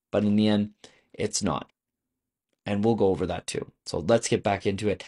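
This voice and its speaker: A man's voice: on the low side, a little mellow. A man teaching a video lesson on French vocabulary, explaining patiently and asking the viewer questions.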